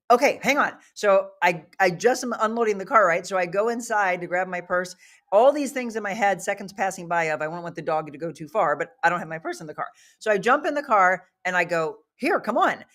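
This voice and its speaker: A woman hosting a live talk show, telling a story in a lively way and laughing often. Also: lowish voice. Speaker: host.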